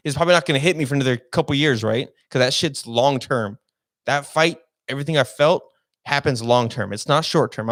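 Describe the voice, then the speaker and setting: A man's voice: mid-range voice, a bit bright, no echo, studio quality. A young man hosting a casual podcast and telling a personal story in a rambling way, full of fillers and restarts. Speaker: podcast host.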